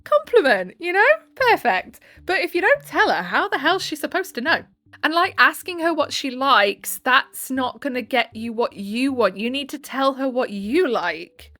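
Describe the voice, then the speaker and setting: A woman's voice: sits high, sing-song, moderate pace, bright, forceful tone, no echo. A woman reading online posts aloud, breaking off for chatty, exasperated asides. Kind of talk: casual storytelling with commentary.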